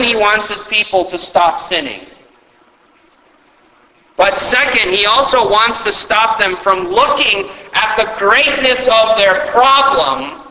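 A man's voice: high voice, pushed and bright. A male pastor preaching a sermon, earnest and emphatic, with rhetorical questions. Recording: echoey hall with long reverb.

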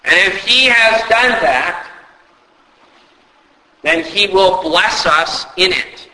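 A man preaching a sermon, often asking rhetorical questions and rising sharply in pitch for emphasis. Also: lively intonation, slow, bright, forceful tone, in a large hall, low-quality recording. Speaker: pastor.

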